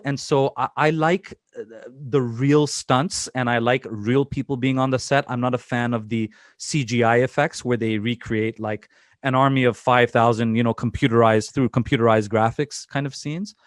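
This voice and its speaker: A young man from Canada hosts a casual interview over a video call, rambling a little and circling back with plenty of "you know" and "uh". His voice sits at an ordinary pitch for a man. The sound is dry and close, with no room around it. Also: moderate pace, no room sound. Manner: chatty, many fillers and restarts. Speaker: interview host.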